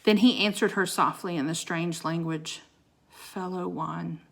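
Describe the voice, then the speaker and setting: A woman reading a children's book aloud with dramatic expression, pausing to show the pictures. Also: lowish voice, fairly bright tone. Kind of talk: expressive read-aloud storytelling.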